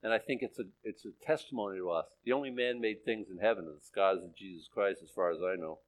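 A man's voice: low voice, quick pace, poor audio. A male pastor preaching a conversational sermon, often checking in with his listeners.

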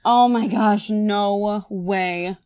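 Excitable young woman, giggly. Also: medium pitch, drawn-out words, clear, resonant tone, no echo, clean studio sound. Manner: excitable, giggly, swears under breath. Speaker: quiz contestant. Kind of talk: casual chat.

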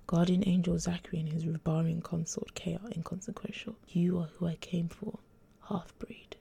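Woman doing a hushed, commanding male angel. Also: on the low side, level tone, a little fast, gravelly, husky. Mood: cold, commanding.

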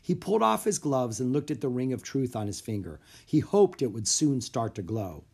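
A narrator reading a children's chapter book aloud with expressive, animated storytelling. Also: mid-range voice, moderate pace, creaky, breathy edge.

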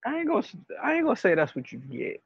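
A man's voice: sits high, wildly swooping pitch, quick pace, gravelly, slightly rough, no room sound, highs cut off. A man co-hosting a podcast, laid-back and slangy, laughing easily. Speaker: podcast co-host. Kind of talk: casual chat.

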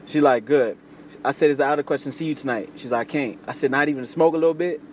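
Young male podcast host, fast storyteller, crude slang, animated voice jumps. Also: a little hiss or hum. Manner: animated, acts out quoted voices with big pitch jumps; crude slangy street talk. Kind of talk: casual storytelling chat.

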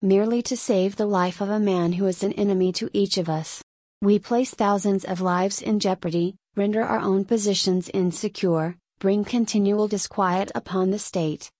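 A woman's voice: mid-range voice, dark tone, dry recording, natural voice. A woman voicing a crafty, fox-like former chancellor who speaks suavely and persuasively, in a storybook reading.

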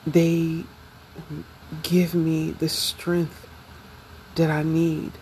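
A young adult woman speaking slowly and reflectively in an emotional, confessional personal vlog. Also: low voice, completely flat delivery, darkish tone, slight background noise, low-quality recording. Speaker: vlogger.

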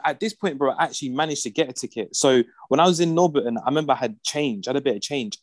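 A man's voice: mid-range voice, dry recording. A young man telling a rant story in casual chat, full of slang and acting out the people he quotes. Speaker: podcast regular.

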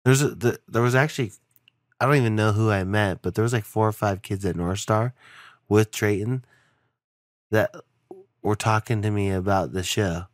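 A man's voice: moderate pace, long pauses, no room sound, studio quality. Rambling, foul-mouthed young man podcaster. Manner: rambling, swears a lot, acts out quotes with big jumps in pitch. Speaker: podcast co-host. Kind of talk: casual chat.

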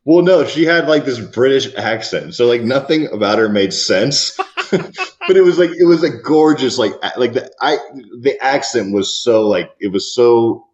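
A man's voice: medium pitch, expressive, normal speed, highs cut off. A man with a West Coast accent co-hosting a podcast in casual chat, rambling, laughing often and trailing off mid-thought. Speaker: podcast co-host.

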